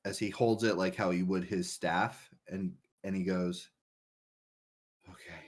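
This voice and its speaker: A man narrating a tabletop game as game master, slow and deliberate with many fillers. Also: deep voice, steady tone.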